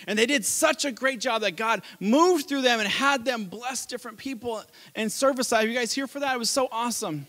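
Bright, high-voiced storytelling pastor, a man. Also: brisk, few pauses. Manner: animated, laughing at his own story. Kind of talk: storytelling sermon.

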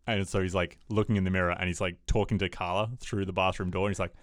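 A man with a fairly low voice chats casually on a podcast, jumping into quick put-on voices to act out scenes. The sound is close and dry, with no room around it. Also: little pitch movement, dry recording. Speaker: podcast co-host. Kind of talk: casual chat about TV shows.

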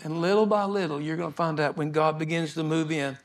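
Older male pastor, homespun sermon storyteller, slightly high-pitched. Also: fairly quick. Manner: folksy, repetitive, chuckling storyteller.

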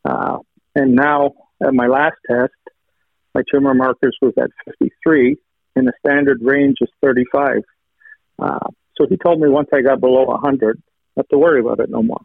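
A man's voice: medium pitch, steady tone, normal speed, vocal fry, no room sound. A man earnestly sharing a personal testimony, retelling conversations line by line and thanking God along the way. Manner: retells conversations, stacking quoted "he said" lines. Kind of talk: personal storytelling. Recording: thin phone-like line, dry.

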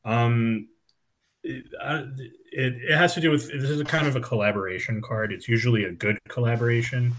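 Bright-voiced man in playful chat. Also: medium pitch, fairly even intonation, a little fast, slight background noise. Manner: playful, teasing, laughs often, hesitant restarts. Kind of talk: casual chat.

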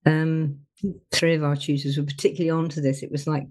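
A middle-aged woman from the West Midlands of England hosting a casual interview, animated and laughing often. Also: sits low, a little fast. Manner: animated, laughs often, does playful voices. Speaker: podcast host.

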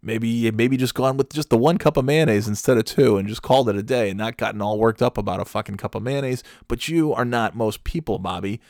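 A man's voice: medium pitch, fairly quick, hardly any pauses, a little mellow, no echo, clean studio sound. A man telling a casual comic anecdote, profane and exasperated. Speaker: storyteller.

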